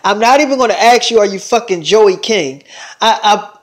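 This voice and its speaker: A man's voice: high-pitched, normal speed. A man casually telling a rambling, profane story to his viewers, acting out both sides of a conversation. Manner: profane, rambling, acts out dialogue.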